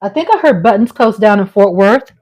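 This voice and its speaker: A woman's voice: medium pitch, lively intonation, a little fast, a little mellow. A woman with a Southern US accent hosting a casual livestream vlog, chatty and playful, laughing often. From Texas. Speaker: vlog host.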